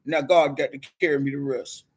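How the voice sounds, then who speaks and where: A woman's voice: rumbling low, fairly even intonation, a little fast, a little mellow, breathy edge. A middle-aged woman and motivational speaker, telling her story on a live stream and speaking straight to viewers in a heartfelt, preachy way. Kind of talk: emotional live-stream testimony.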